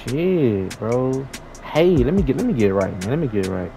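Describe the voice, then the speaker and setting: A young man giving slangy, excitable trash-talk commentary over his own basketball video game play. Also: mid-range voice, moderate pace, creaky, over music, rough recording. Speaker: gaming YouTuber. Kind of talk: live gameplay commentary.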